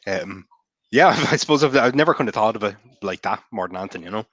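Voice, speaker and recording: A man's voice: on the low side, animated, fast, fairly bright tone, no echo. An Irish man, a novelist guest, chatting easily, laughing often, with many fillers. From Ireland. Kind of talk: casual chat.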